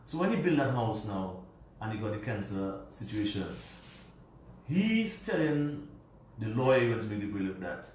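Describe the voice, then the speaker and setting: A low-voiced man tells a long personal story as a radio guest, drifting from one detail to the next in loose, everyday speech. He is recorded from a distance in a very echoey room, and a faint hiss sits under his voice. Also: big pitch swings, normal speed, darkish tone. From Dominica. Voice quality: meandering, colloquial storytelling. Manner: puts on his father's voice when quoting him.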